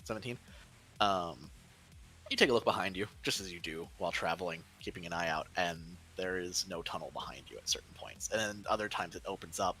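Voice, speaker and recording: Deep-voiced man running a tabletop game. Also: a little fast, pushed and bright, soft background music. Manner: loose, descriptive narration with many fillers. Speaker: game master.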